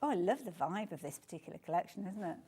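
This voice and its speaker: Gushing woman with a lively voice. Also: lowish voice, fast talker, slightly rough. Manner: gushing, chatty, keeps saying beautiful. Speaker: shopping channel presenter. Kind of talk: live TV sales presentation. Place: TV studio.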